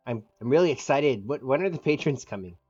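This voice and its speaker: A woman playing a tabletop game, excitable and rambling. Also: extremely low pitch, a little fast, breathy edge, faint music behind. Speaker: player. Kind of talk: in-character tabletop play. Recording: dull lo-fi.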